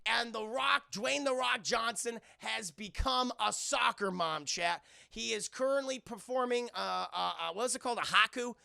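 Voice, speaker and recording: A man's voice: very high voice, moderate pace, vocal fry, hardly any pauses, sharp tone, no room sound, clean studio sound. A young man streaming a rambling, profane film recap to his live chat, acting out characters in silly voices.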